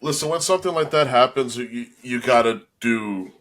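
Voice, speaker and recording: A man co-hosting a casual podcast who talks in a measured, deliberate way, giving advice. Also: medium pitch, lively intonation, a bit bright. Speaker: podcast co-host. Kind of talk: casual chat.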